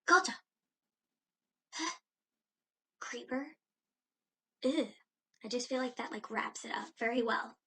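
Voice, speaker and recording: A young woman in her late teens, chatting casually in a home reaction vlog, telling a story with animated exasperation. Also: fairly high pitch, moderate pace, husky. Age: young adult. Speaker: vlogger. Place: indoors at home.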